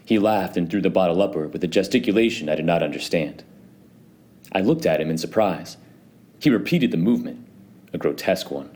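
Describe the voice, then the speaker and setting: Deep, dark-toned male storyteller. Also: expressive, brisk. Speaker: narrator. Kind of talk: dramatic audiobook reading.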